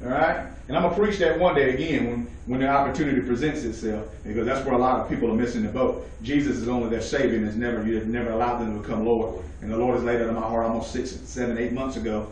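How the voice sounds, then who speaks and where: A man's voice: medium pitch, fairly even intonation, quick pace, hardly any pauses, a little mellow, a little hiss or hum. A man teaching a men's Bible study, preaching emphatically and calling out to the men in the room. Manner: emphatic preaching, calls out to listeners. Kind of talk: sermon. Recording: very echoey room, mic far off.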